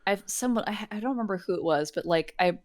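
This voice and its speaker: Speaking quickly in a mid-range voice with lively intonation, a woman co-hosting a casual podcast chats thoughtfully and laughs readily.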